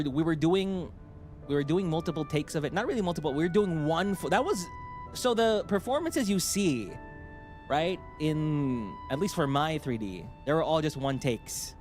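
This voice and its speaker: A man streaming casually as a VTuber, telling a rambling, animated story with laughs and restarts. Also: on the high side.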